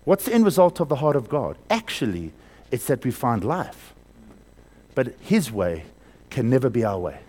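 Animated man preaching a sermon. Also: medium pitch. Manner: animated preaching, swings between loud emphasis and hushed slow lines; asks the congregation questions and has them repeat words.

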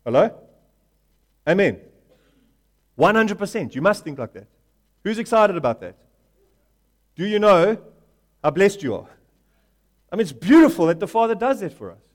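High-voiced man preaching emphatically. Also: sing-song, moderate pace, pauses often. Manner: rising to loud emphatic call-and-response; acts out Bible characters in quoted voices. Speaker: pastor. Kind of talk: sermon.

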